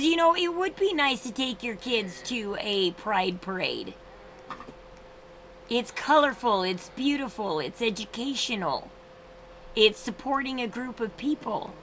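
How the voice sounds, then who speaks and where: A woman in her thirties hosts a casual livestream, rambling as she chats and frequently restarting her sentences. Her voice is on the high side and fairly bright. The recording is rough, with slight background noise.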